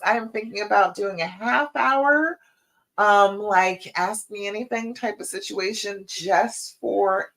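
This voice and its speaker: A relationship coach with a voice on the low side hosts a live-stream Q&A and pep talk. She speaks directly to her viewers, making repeated encouraging appeals and telling stories with animation.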